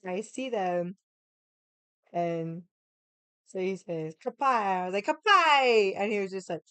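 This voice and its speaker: A young woman hosting a casual livestream chat, talking in an animated way, laughing often and swearing casually. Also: lowish voice, unhurried, clear, resonant tone, no echo. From United States. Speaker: livestream host.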